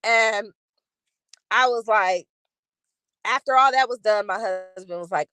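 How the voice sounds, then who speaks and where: A woman's voice: medium pitch, measured pace, long pauses, clear, resonant tone, dry recording. Chatty woman with a dry, close sound. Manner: chatty, animated, talks straight to viewers. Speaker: channel host. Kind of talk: casual commentary to a live chat.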